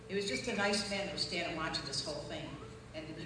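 A woman preacher telling her testimony as a story, acting out the voices of people in it and rising to loud, fervent peaks. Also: medium pitch, lively intonation, fast talker. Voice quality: distinctive voice. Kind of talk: testimony sermon. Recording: echoey hall from far off with noise.

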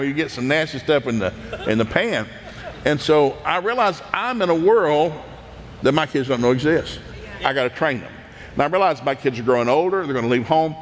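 A middle-aged man from East Tennessee, telling animated, folksy stories from his childhood, laughing often and acting out voices. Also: on the high side, big-room sound. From East Tennessee, USA. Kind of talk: folksy anecdotal storytelling.

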